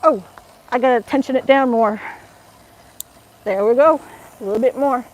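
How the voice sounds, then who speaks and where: A woman's voice: fairly high pitch, normal speed, a little mellow, poor audio. A middle-aged woman from Alaska with an Alaskan accent, chatting casually with viewers while she exercises outdoors and laughing often. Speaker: fitness vlogger. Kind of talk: casual live-stream chat while exercising.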